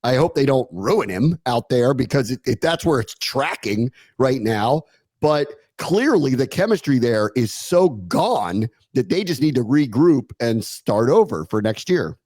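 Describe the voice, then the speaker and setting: A man co-hosting a sports podcast, animated and sarcastic, laughing often in casual talk. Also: mid-range voice, a little slow, no echo. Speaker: podcast co-host.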